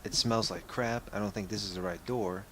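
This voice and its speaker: A young man comments casually on his game as he plays. His voice is low and his talk rambles and corrects itself. A faint background noise stays under him. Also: steady tone, moderate pace, fairly bright tone. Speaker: let's play gamer.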